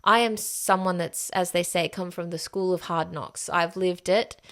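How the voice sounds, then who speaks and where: Speaking at a normal pace with a steady, slightly bright tone and fairly low pitch, a woman runs a solo podcast. Her monologue is frank and emphatic, with free use of profanity.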